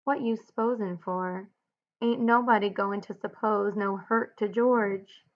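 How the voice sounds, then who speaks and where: A woman's voice: medium pitch, fairly even intonation, slow. A woman voicing a big, simple-minded young farmhand in a read-aloud, speaking in plain rural talk that insists and repeats itself, on a dull lo-fi recording. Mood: insistent.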